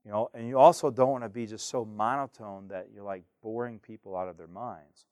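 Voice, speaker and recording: A man teaching a class on giving Bible studies, lively and acting out examples while asking the class questions. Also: on the low side, a little fast, dry recording, clean studio sound. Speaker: Bible study instructor.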